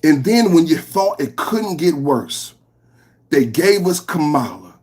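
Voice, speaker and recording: A man hosting a live political reaction stream, talking in an animated, mocking way that swings from low mutters to shouts. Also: slow. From San Francisco Bay Area. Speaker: livestream podcast host.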